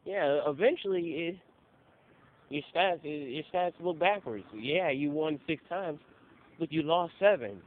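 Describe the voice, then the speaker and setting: A man's voice: on the high side, expressive, a little slow. A young man tells casual stories in a loose, profane way and acts out the people he quotes. His voice comes through a narrow, phone-like recording with a faint hiss behind it. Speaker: interviewee. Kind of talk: casual storytelling. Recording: phone-like audio with faint noise.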